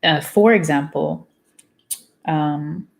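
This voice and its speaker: A woman's voice: low-pitched, slow pace, vocal fry. A woman reading a self-help book aloud in a casual way, often stumbling over and rereading words and breaking off into candid side comments. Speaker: book reader.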